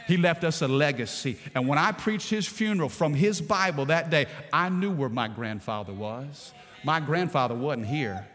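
A man preaching from the pulpit with a fairly high voice. He tells stories quietly, then builds to emphatic, raised declarations. His voice rings with a long hall reverb. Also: lively intonation, normal speed. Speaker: pastor. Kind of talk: sermon.

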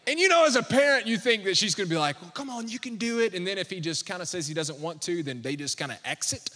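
A pastor in his thirties preaches from the sanctuary in a notably high, bright and forceful voice. He tells stories with humor, then climbs into fervent declarations. The sound hangs in the long reverb of a church hall. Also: lively intonation, quick pace. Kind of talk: sermon.

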